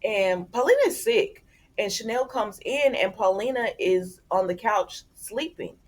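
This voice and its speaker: A woman's voice: medium pitch, a little slow. A woman hosting a casual soap opera recap, chatting to her viewers and retelling each scene by acting out the characters' lines. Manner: chatty, conversational, addresses viewers as y'all.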